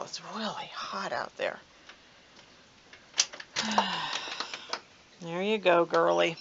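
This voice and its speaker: A woman's voice: fairly low pitch, creaky, very noisy. A woman vlogging casually from her backyard and home. She rambles along chattily and coos at her cats. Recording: dull lo-fi home video.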